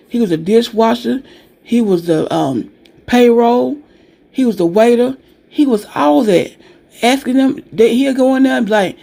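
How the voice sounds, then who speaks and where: A woman's voice: medium pitch, dark tone. A woman giving a sassy, opinionated casual recap of a reality show, talking straight to her viewers in slang.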